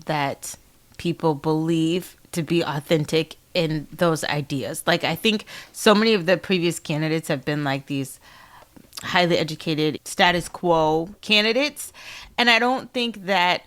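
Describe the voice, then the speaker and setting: A woman's voice: low voice, unhurried, a bit bright. A woman co-hosting a history podcast, talking in a conversational, direct way and often saying "like". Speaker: co-host of a history show. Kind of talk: casual podcast discussion.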